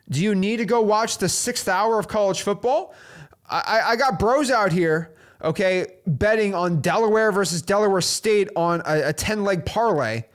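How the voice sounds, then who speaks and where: Male host, higher voice with big swings in pitch, gives a preachy pep talk and keeps asking "okay?". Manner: animated, preachy, full of "like" and "okay?". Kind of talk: motivational business talk.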